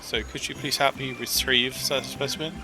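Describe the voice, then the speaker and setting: A man's voice: medium pitch, steady tone, a little fast, voice pushed up, close to an everyday voice. Man playing a fretful stammering archivist, apologetic, game music. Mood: worried. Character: fretful male archivist seeking a lost specimen.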